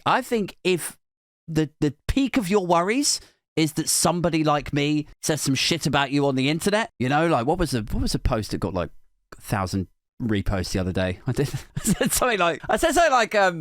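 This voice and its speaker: A man's voice: fairly high pitch, big pitch swings, normal speed, fairly bright tone, no room sound, clean studio sound. Mocking, swearing male podcast host. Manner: mocking, swearing, breaks into laughter. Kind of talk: satirical rant.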